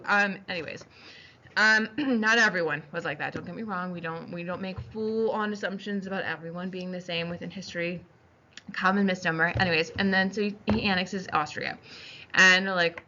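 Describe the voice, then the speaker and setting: A woman giving a casual history lecture, chatty and animated, slipping into quick voices for historical figures. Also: medium pitch, dull audio. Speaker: history teacher.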